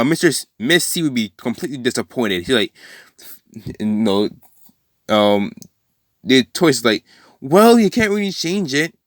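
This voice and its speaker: A man's voice: fairly low pitch, fairly bright tone, dry recording, studio quality. Rambling man improvising a fan story. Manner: rambling, self-correcting, with frequent fillers; briefly voices characters in quick quotes. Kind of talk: casual improvised story narration.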